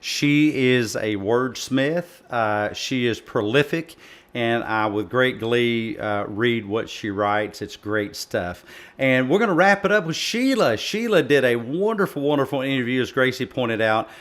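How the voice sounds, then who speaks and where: A man's voice: mid-range voice, expressive, a little slow, fairly bright tone. Earnest male panel host. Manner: earnest, encouraging, with frequent fillers. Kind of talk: hosting a live audio panel.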